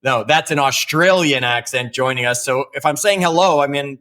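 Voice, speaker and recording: A man's voice: mid-range voice, normal speed, sharp tone. A man co-hosting a podcast, chatting in an upbeat way. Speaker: podcast co-host. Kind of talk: podcast interview.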